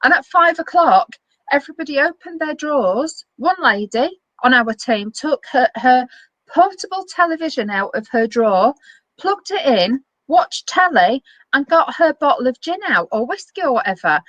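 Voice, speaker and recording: Lively woman telling stories. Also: sits high, normal speed, no echo, highs cut off. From northern England. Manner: lively storyteller, laughs often. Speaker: web TV host. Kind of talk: casual chat, anecdote telling.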